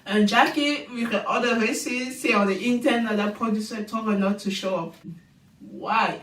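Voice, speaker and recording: Animated woman in an echoey room. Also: on the high side, moderate pace. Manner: animated, exclaiming, many rhetorical questions. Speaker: TV show reviewer. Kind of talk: casual reality-TV recap. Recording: echoey room, distant mic.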